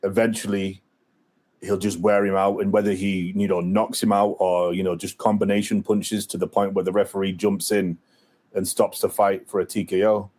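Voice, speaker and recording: A man's voice: deep voice, level tone, moderate pace, darkish tone. A man co-hosting a boxing podcast, talking in a rambling way with many fillers and restarts. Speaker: podcast co-host. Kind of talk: casual boxing chat.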